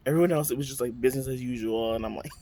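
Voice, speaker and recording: A man's voice: medium pitch, racing, dark tone. A man vlogging at home, telling a bus story and then unboxing skincare, chatty with dramatic exclamations and lots of fillers. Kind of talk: casual storytime and product unboxing.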